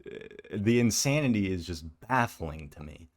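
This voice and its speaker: Male reaction commentator, very low voice, blunt and scornful, sarcastic. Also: very animated, normal speed. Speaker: commentary youtuber.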